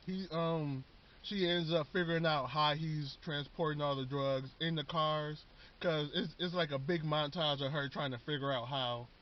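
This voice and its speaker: A man's voice: fairly high pitch, slight background noise. A man casually recapping a TV show in a rambling, slangy way, often repeating words. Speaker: vlogger. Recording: dull lo-fi recording.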